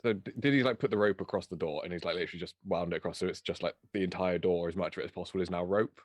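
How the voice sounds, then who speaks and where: A man playing a tabletop game, chatting and asking rules questions in quick bursts. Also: deep voice, no room sound. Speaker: player.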